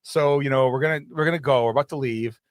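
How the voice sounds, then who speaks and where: A man's voice: medium pitch, quick pace, dry recording, studio quality. A man hosting a podcast in casual chat, rambling through stories and acting out what other people said. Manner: rambling storyteller who acts out other people's lines. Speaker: podcast host.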